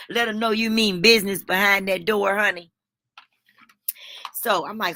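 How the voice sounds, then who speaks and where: A woman's voice: mid-range voice, fairly even intonation, moderate pace, pauses often, pushed and bright. A woman telling a dramatic story to her viewers, swearing freely and calling them honey. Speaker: storytime vlogger. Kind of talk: animated storytelling.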